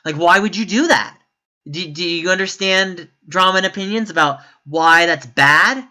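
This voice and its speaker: A man delivers opinion commentary for his vlog in a bright, forceful voice. He rambles and corrects himself as he goes, then jumps up into high, exasperated outbursts when he disagrees. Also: normal speed. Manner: emphatic and exasperated, with sudden high-pitched outbursts. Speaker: YouTube commentator.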